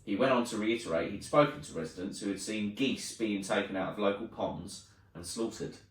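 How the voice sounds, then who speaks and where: A man's voice: on the low side, brisk, recorded from a distance. A man co-hosting a live podcast, chatting casually and reading out news with joking asides. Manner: reads news aloud in a flat drawl, joking asides. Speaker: podcast co-host. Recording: echoey room, off-mic.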